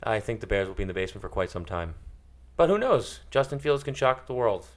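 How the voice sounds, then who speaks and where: A man's voice: on the low side, big pitch swings, quick pace. A man appearing as a guest on a casual podcast, bantering and joking. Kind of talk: casual chat.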